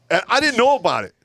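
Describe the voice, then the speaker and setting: Animated man telling rowdy stories. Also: high-pitched, dry recording. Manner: animated, swings from loud to muttering, laughs often. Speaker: podcast co-host. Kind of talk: casual storytelling.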